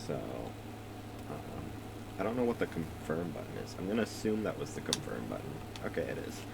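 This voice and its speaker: A man's voice: extremely low pitch, sing-song, fairly quick, creaky, heavy background noise. A young man casually narrating a video game he is starting, rambling, swearing and laughing often. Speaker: let's play streamer. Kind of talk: casual gameplay commentary.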